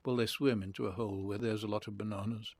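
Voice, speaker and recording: An earnest, odd young man in a storybook reading, as a man puts him on, with a husky edge and a lowish voice. He spins gentle teasing tales but can turn curt and touchy. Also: fairly even intonation, quick pace.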